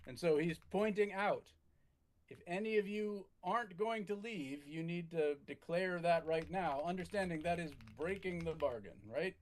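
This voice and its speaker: A high-pitched man narrates a tabletop game as its game master. His delivery is measured and halting, with frequent restarts.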